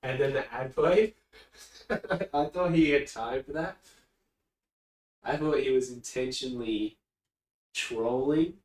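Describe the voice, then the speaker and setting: A man's voice: mid-range voice, takes it slowly, long pauses. A man streaming live and chatting casually, rambling and easily distracted, sitting far from his mic. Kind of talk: casual livestream chat. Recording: echoey room, distant mic.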